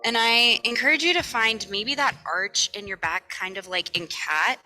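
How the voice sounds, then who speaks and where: A woman teaching a morning yoga class, chatting casually and then giving calm, relaxed breathing cues. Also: on the high side, normal speed, soft background music. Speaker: yoga instructor.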